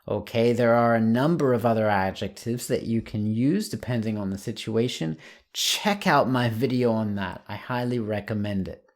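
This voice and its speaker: A man with a mid-range voice gives an online English lesson, pronouncing example words slowly and clearly.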